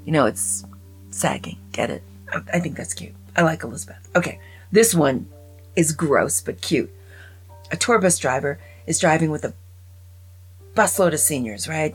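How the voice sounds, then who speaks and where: A woman's voice: lowish voice, poor audio. A woman casually reading jokes aloud, chatting between them and often dropping to a whisper, with faint music behind. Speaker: joke reader. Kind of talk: casual joke telling.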